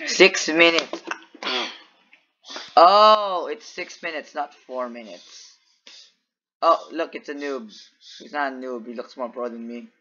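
A man's voice: on the high side, takes it slowly, pauses often, bright, forceful tone, muffled recording. A man giving casual commentary on a game over a group call, playful and teasing, laughing often. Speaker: gameplay commentator.

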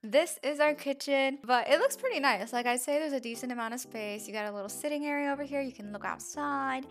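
A woman's voice: high-pitched, fairly quick. A woman giving upbeat, chatty commentary while building a house in a game, often giggling.

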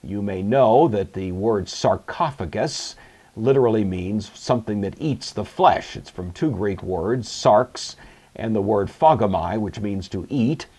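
A man teaching a recorded Greek grammar lecture, measured and explanatory, with occasional fillers. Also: fairly low pitch, darkish tone, husky.

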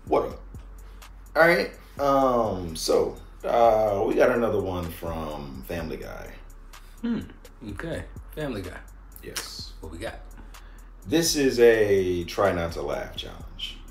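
A man's voice: sits low, sing-song, takes it slowly, reverberant, soft background music. A man hosting a reaction video, chatting casually in a laid-back, mumbling way.

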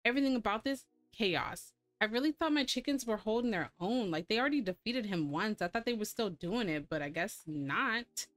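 A woman's voice: medium pitch, animated, a little fast, hardly any pauses, a bit bright, no echo. A woman giving casual let's-play commentary, chatty and laughing often as she bosses her game characters around. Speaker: gameplay streamer.

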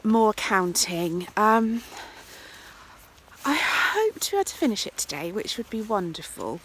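An Englishwoman hosts a casual vlog, speaking into a phone held at arm's length as she walks outdoors and later once she's back inside. She sounds out of breath, chatting freely and often dropping to a whisper, her medium-pitched voice a bit bright, measured in pace, with big swings in pitch. There's a little hiss or hum on the recording.

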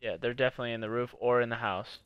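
A man giving casual, excitable commentary while coaching his girlfriend through a video game. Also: mid-range voice, rapid-fire, clear, resonant tone, muffled recording. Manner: bossy, excitable coaching, swears. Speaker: gaming channel host.

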